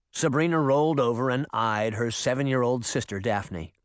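A man reading an audiobook in expressive storytelling narration. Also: mid-range voice, normal speed, hardly any pauses, no room sound, clean studio sound. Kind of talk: scripted narration.

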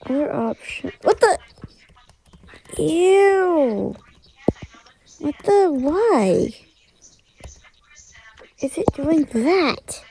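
A woman's voice: high voice, sing-song, extremely slow, creaky, pauses often, noisy background. A woman in casual chat with friends, grumbling at a glitchy app and muttering "ew" to herself.

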